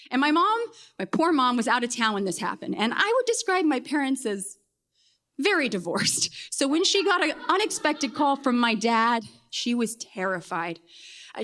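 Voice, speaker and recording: Woman, fairly high voice, wry self-deprecating storyteller, deadpan punchlines, live stage telling.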